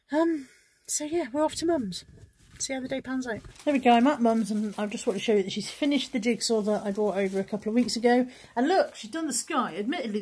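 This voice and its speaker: A woman's voice: a little high, darkish tone, slightly rough. A middle-aged woman, chatting casually to a handheld phone camera in her vlog diary, self-deprecating and talking to her dog. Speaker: vlogger.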